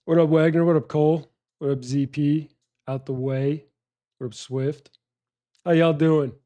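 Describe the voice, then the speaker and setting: Loud man greeting his stream chat. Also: fairly high pitch, fairly even intonation, measured pace. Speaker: livestream trading host. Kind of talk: casual livestream chat.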